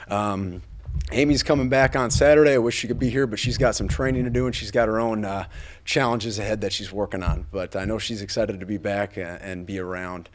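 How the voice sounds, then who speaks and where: A man's voice: lowish voice, fairly even intonation, fairly quick. A man in his thirties, a football coach giving earnest, grateful remarks at a press conference, full of fillers and restarts. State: a little choked up.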